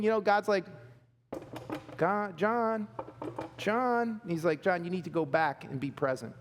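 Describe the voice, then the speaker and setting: A male pastor preaching a sermon to a congregation, emphatic and repeating key phrases, laughing along with the crowd. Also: sits high. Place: church hall. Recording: long hall reverb.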